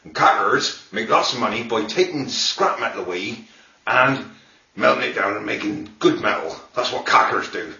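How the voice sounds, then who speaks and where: Playful man touring accents, lively pitch. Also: normal speed, vocal fry, recorded from a distance. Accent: British English. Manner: playful, mock-lecturing. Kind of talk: comic accent tour. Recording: roomy, dull lo-fi 2008 video.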